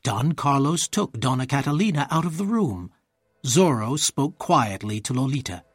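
Man, storybook narrator, husky, lively intonation, measured. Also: mid-range voice, dry recording, clean studio sound. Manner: clear, measured storytelling with voiced characters. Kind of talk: storybook read-aloud narration.

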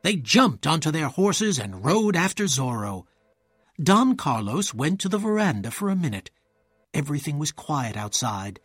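A man reads a storybook aloud with a lively, rising and falling voice and a husky grain. His delivery is measured and clear, and the recording is dry and close. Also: fairly high pitch, dry recording. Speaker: narrator. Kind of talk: storybook read-aloud narration.

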